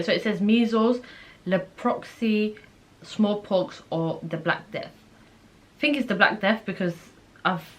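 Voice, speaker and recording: Chatty, incredulous woman vlogger. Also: on the low side. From Netherlands. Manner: chatty and incredulous, thinks aloud and reads questions out. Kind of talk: casual chat while taking an online quiz.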